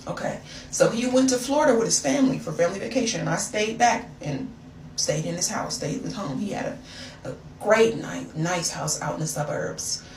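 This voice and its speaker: A woman's voice: mid-range voice, expressive, normal speed, a little mellow. A young woman vlogger telling a story in a casual, chatty way with sassy asides. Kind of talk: storytime vlog. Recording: echoey room, far from mic, noisy.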